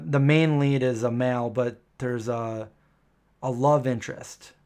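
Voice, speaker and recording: Streamer host, male, mid-range pitch: casual, rambling, hesitant live-chat delivery. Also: darkish tone. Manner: chatty, rambling, lots of um and self-correction.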